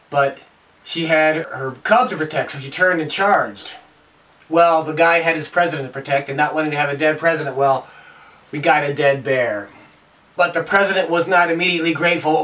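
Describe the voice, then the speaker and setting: A man's voice: a little high, fairly bright tone. A man telling animal lore and myth as an oral storyteller, playful, with puns and rhythmic repetition. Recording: distant from the mic.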